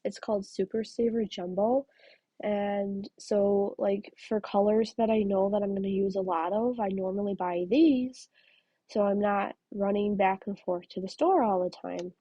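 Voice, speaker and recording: A woman's voice: medium pitch, steady tone, a little slow, no room sound, muffled recording. Chatty woman crafting at home. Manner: chatty, rambling storyteller, drops to soft asides. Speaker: crafting vlogger. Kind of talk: casual chat while crocheting.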